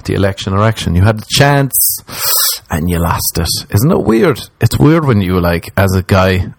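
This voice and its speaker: Young male comic, low-pitched, crude and rambling, dry close sound. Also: sing-song, normal speed, vocal fry, dry recording. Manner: rambling, crude, self-mocking; swings into mock voices for quoted people. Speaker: comedian. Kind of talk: stand-up style comic monologue.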